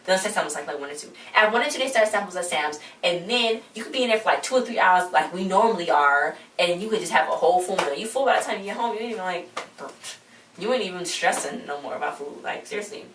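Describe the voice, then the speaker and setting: A woman's voice: fairly low pitch, fairly bright tone, a little hiss or hum. A young woman chatting casually as a vlogger, recapping a TV episode in a rambling, slangy way and quoting the characters as she goes. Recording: echoey room, mic at a distance.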